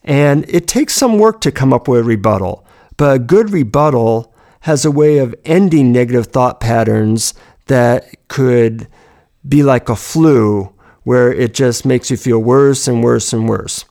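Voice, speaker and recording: A man's voice: medium pitch, expressive, measured pace, vocal fry, warm tone. A man giving a reflective self-help talk, telling personal stories about handling negative thoughts.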